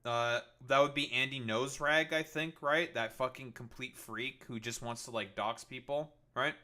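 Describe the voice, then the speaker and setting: Guy streamer ranting at news clips, sarcastic, swears nonstop, bright edgy voice. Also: mid-range voice, steady tone, normal speed. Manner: sarcastic, profane ranting with many fillers. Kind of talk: political commentary livestream.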